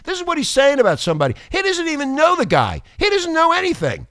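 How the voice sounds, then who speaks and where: A man's voice: extremely high pitch, wildly swooping pitch, fast talker, hardly any pauses, a bit bright, no room sound, clean studio sound. A man hosting a talk radio show, ranting angrily with profanity and mocking sarcasm. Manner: angry, profane, combative ranting.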